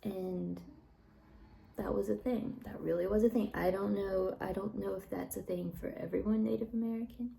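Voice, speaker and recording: A woman telling personal stories in a casual monologue, rambling along and dropping into soft whispered asides. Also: mid-range voice, fairly even intonation, normal speed, gravelly, a little hiss or hum, poor audio.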